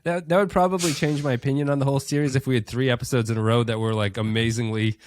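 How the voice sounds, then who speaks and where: A man's voice: mid-range voice, steady tone, quick pace, darkish tone, no echo. A man in his thirties, sick with a cold, co-hosting a podcast in a joking, self-mocking way. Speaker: podcast co-host. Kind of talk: casual chat.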